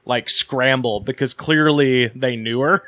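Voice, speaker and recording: A man's voice: medium pitch, a little slow, pushed and bright, no echo. A male comedian telling a long, rambling story in casual podcast chat, full of "like" and cursing. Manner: rambling, heavy on "like" and swearing. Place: podcast studio.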